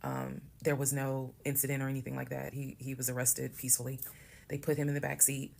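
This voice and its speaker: A woman's voice: extremely low pitch, monotone, brisk, vocal fry, darkish tone, a little hiss or hum. A woman telling a personal story in a casual, blunt, conversational way, cursing now and then. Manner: conversational, blunt, swears while retelling.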